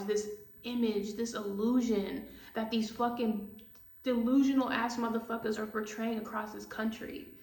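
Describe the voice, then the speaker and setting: A woman's voice: fairly high pitch, darkish tone, recorded from a distance, slight background noise. A woman giving a casual tarot reading, blunt and profane, ranting heatedly. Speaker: tarot reader. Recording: echoey room, voice off-mic.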